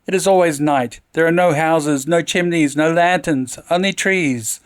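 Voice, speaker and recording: Distraught madwoman, shrieking and raving, played by a man, high-pitched and unhinged. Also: unhurried, close to an everyday voice. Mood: frantic raving. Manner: shrieking, wild, breathless raving. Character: frantic grief-crazed mother, middle-aged woman.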